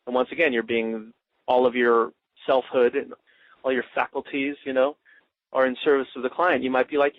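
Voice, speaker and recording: A man's voice: medium pitch, little pitch movement, normal speed, no room sound. Man teaching coaching over a tinny line. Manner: loose and demonstrative, acting out coach lines. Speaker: coaching trainer. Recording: tinny dry phone line.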